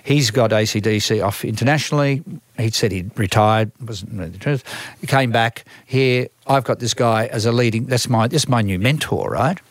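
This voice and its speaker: A man's voice: mid-range voice, normal speed, dry recording. An older Australian man who manages a band, telling long rambling stories from his career in a casual interview, full of restarts and acted-out quotes.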